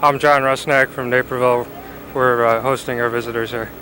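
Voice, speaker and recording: A man at an outdoor car show explaining haltingly, with many pauses. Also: mid-range voice, flat delivery, sharp tone, slight background noise, low-quality recording. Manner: halting, searching for words. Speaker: local host of visitors.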